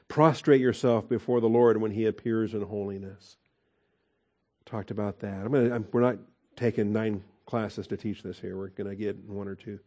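Mellow-voiced man preaching conversationally. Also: on the low side. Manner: conversational preaching with fillers and rhetorical questions. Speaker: pastor. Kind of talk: sermon.

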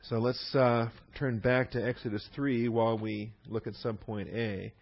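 A man's voice: mid-range voice, steady tone, a little slow, gravelly, lo-fi sound. A man teaching through a Bible passage verse by verse, leaning hard on key words between fillers and restarts.

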